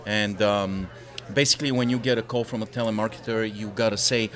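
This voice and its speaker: A man on a podcast panel, an animated storyteller who jokes and laughs often in casual chat. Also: lowish voice, fairly quick, few pauses.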